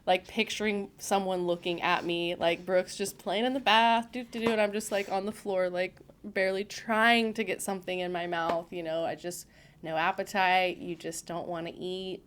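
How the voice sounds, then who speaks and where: A woman's voice: fairly low pitch, fairly even intonation, moderate pace, a little hiss or hum. A young woman talking as a podcast guest in casual conversation, chatty and acting out her own past words in quotes.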